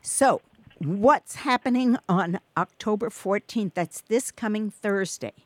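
A woman's voice: medium pitch, takes it slowly, no echo. A woman hosting a community radio show, chatting casually with a guest, laughing often and using many fillers. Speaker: radio host.

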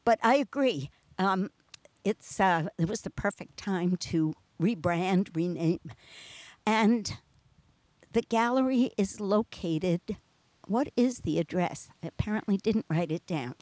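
A woman with a New York accent hosting a casual interview, chatty and quick to laugh. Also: medium pitch, animated, darkish tone, no echo. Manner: chatty, laughs often, restarts sentences. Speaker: radio show host.

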